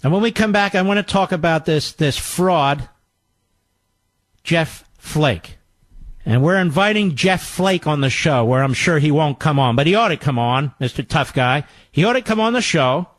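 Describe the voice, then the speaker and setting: A man's voice: on the high side, animated, normal speed, no room sound. A man hosting a talk show, delivering a combative political monologue with sarcastic, mocking asides.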